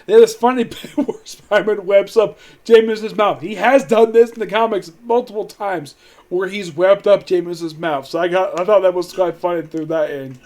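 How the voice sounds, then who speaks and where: A man's voice: sits high, normal speed, a little mellow. A man giving a casual, rambling spoken film review, amused, with many fillers and restarts. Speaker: movie reviewer.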